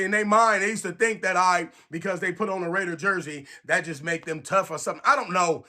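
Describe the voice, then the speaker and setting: A man's voice: high voice, brisk, few pauses. A man from San Francisco, ranting casually and emphatically to camera as a sports fan, repeating his points. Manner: animated, emphatic, repeats phrases.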